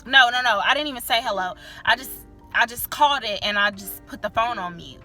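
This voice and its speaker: Bright-voiced young woman telling a story. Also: a little high, brisk, faint music behind. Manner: chatty, filler-heavy, swears freely. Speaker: vlogger. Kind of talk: candid storytime vlog.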